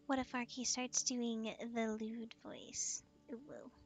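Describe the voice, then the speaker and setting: A woman's voice: fairly high pitch, little pitch movement, slow, soft background music. A woman from the United States hosting a casual gaming stream, giggling often and teasing playfully. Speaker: streamer host.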